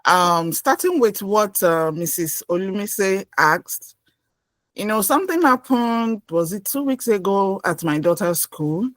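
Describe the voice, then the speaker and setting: A woman's voice: medium pitch, animated, unhurried, dry recording. A mother commenting in a workshop, starting hesitantly with ums before telling about her daughter. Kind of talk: casual comment on a call. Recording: dry sound.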